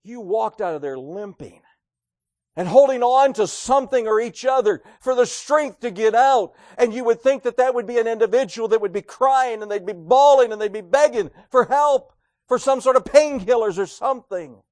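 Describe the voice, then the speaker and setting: A man preaching a sermon, animated and acting out quoted voices, swinging between loud and hushed. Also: very high voice, moderate pace, no echo.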